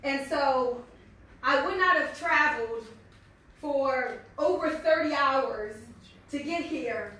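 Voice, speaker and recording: A middle-aged American woman giving an earnest, fast-paced motivational speech at a business meeting. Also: sits high, sharp tone. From United States. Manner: fast-talking, earnest and faith-filled. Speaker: network marketing leader and speaker. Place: large echoey meeting hall. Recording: echoey hall from far off.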